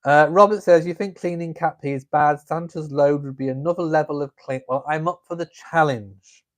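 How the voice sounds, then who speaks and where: A man's voice: fairly high pitch, normal speed. A man hosting a casual live stream from home, reading viewer comments aloud and chatting in a camp, playful way. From England. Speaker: vlog host reading live chat. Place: home, drinking coffee.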